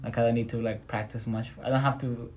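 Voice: mid-range voice, flat delivery, fast talker, a little mellow. Hesitant, rambling young speaker. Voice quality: rambling, hesitant, many fillers and restarts. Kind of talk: casual chat.

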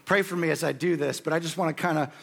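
A man in his thirties with a hoarse voice, preaching a sermon as a pastor and lifting his voice when he quotes scripture. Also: fairly even intonation, fast, a bit bright. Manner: rises in pitch and volume when quoting scripture.

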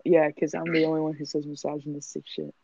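A man's voice: fairly high pitch, flat delivery, fast, gravelly, darkish tone, husky, no echo. A young man telling stories in a casual, profane, joking chat. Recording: dull lo-fi sound.

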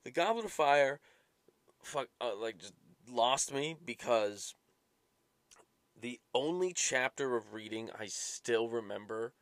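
A man's voice: medium pitch, expressive, slow pace, fairly bright tone, no echo. A man hosting a solo podcast, rambling and swearing and drifting from topic to topic. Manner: profane, rambling, easily sidetracked. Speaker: podcast host.

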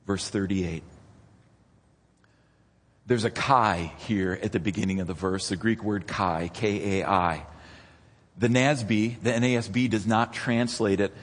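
A man preaching a sermon as pastor, dramatic and rising toward near-shouts when he retells scenes. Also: on the low side, a little slow, pauses often. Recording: long reverb of a church hall.

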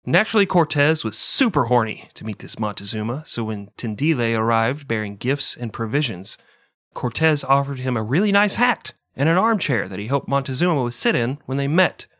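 A man's voice: mid-range voice, expressive, brisk, a bit bright, no echo, studio quality. A man hosting a podcast, narrating history in a wry, profane, laid-back comedic style.

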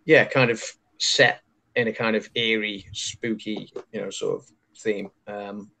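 A man's voice: lowish voice, unhurried, vocal fry, slight background noise. A man from England, a podcast co-host chatting casually and telling anecdotes with frequent laughter. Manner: chatty storyteller, laughs often, lively when telling anecdotes. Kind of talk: casual chat.

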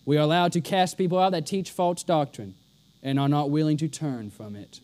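A man's voice: fairly high pitch, moderate pace, a little mellow. A man preaching a sermon with emphasis, often repeating a line for stress.

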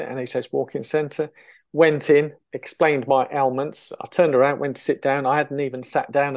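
An older English man in his sixties speaks as an interview guest, a voice pitched right in the ordinary middle range. He rambles warmly through his story, full of restarts and quick laughs. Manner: chatty storyteller, laughs often, many fillers and restarts. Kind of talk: casual interview chat.

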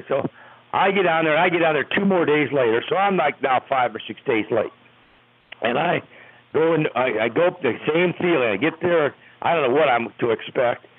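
Older man, retired umpire, rambling animated storytelling, husky voice, tinny phone line. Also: medium pitch, brisk, dry recording. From United States. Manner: rambling, animated retelling with restarts. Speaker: retired baseball umpire, interview guest. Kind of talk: storytelling in an interview.

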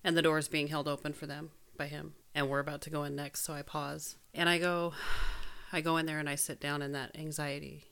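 A woman's voice: deep voice, flat delivery, a little fast, vocal fry, a bit bright, clean tone. A woman in casual chat, telling a personal story earnestly and frankly, with casual swearing.

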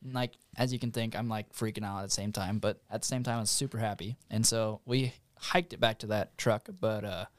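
A man's voice: fairly low pitch, fairly even intonation, brisk, few pauses, no echo. A man, a podcast guest, telling a hunting story in a loose, rambling way with fillers. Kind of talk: casual storytelling.

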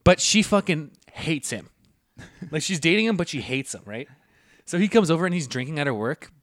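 A man co-hosting a casual podcast, telling stories full of swearing and loud laughs, acting out the people in them. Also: fairly high pitch, animated, a little fast, no room sound, clean studio sound. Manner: swearing storyteller, acts out voices, laughs loudly. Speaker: podcast co-host.

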